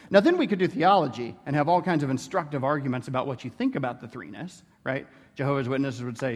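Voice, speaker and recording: A man's voice: fairly high pitch, fast talker, few pauses, in a large hall. A man giving a theology lecture in a conversational way, tossing in "right?" and playful asides. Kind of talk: classroom lecture.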